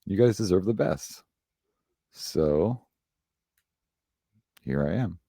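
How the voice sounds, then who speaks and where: A man's voice: low voice, animated, slow pace, vocal fry, warm tone, slightly rough, no room sound, studio quality. A man hosting a live stream and reading horoscopes in a rambling, chatty way, full of fillers and self-corrections. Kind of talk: casual live-stream chat.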